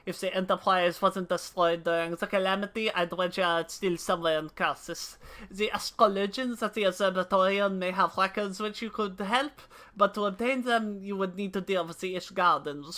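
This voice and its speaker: A woman voicing a gruff old male soldier with a put-on accent mixing German and French. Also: medium pitch, sharp tone, close to an everyday voice. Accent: mock German-French mix. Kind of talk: voicing game dialogue while streaming.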